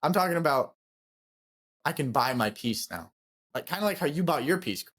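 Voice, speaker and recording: A man's voice: a little high, lively intonation, moderate pace, a bit bright, husky. A man co-hosting a podcast in a casual, enthusiastic way, repeating phrases for emphasis. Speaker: podcast co-host.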